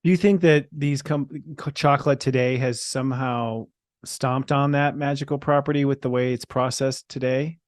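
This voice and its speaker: Chatty curious guy hosting an interview, dry close sound, mid pitch. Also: fairly even intonation, moderate pace, dry recording. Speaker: interview host. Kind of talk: casual interview talk.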